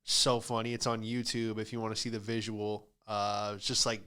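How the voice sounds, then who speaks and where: A man's voice: fairly low pitch, flat delivery, normal speed, bright, forceful tone, smooth. A young man hosting a podcast, telling stand-up-style stories in a sarcastic, ranting way and acting out other people's voices. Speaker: podcast host and stand-up comic. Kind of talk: casual comedic monologue.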